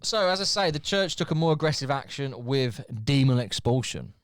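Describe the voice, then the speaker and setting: A man's voice: medium pitch, expressive, normal speed, no room sound. A man co-hosting a podcast in casual, sweary, jokey banter. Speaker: podcast co-host. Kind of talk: casual chat.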